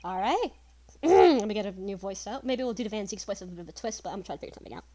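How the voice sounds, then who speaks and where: A young adult woman commentating her game playthrough, excitable and swearing, laughing often. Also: mid-range voice, quick pace. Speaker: let's play gamer. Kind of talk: casual gameplay commentary.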